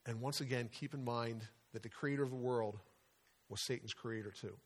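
A man's voice: mid-range voice, fairly even intonation, normal speed. A middle-aged man preaching a sermon as pastor, earnest and conversational, weaving in personal stories.

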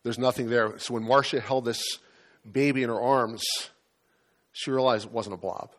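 A male pastor preaches in a church, his voice sitting at an ordinary middle pitch. He tells a personal story earnestly, often pausing and restarting mid-sentence as he gathers his thoughts. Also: steady tone, a bit bright.

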